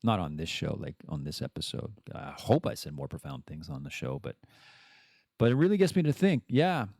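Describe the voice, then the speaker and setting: A man's voice: deep voice, sing-song, normal speed, gravelly, a little mellow, dry recording, clean studio sound. A man hosting a podcast, talking in a rambling, casual monologue full of restarts and the odd swear word. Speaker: podcast host.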